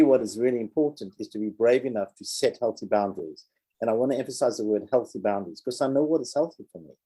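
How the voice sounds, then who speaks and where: A man co-hosting a podcast, speaking in an earnest, emphatic, measured way about personal growth. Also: medium pitch, dark tone, slightly rough, low-quality recording. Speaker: podcast co-host. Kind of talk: earnest reflective discussion.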